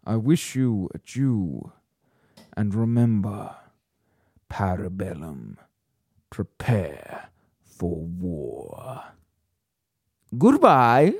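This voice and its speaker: A man's voice: fairly low pitch, big pitch swings, darkish tone, slightly rough, dry recording, clean studio sound, heavily acted. A man doing Winston, a suave old hotel manager. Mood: grandly solemn. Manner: slow, drawn-out, theatrical. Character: suave older male hotel manager, British.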